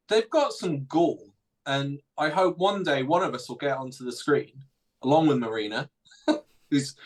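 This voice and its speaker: Male podcast host, slightly high voice, indignant ranting talk. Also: low-quality recording. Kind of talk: casual political chat.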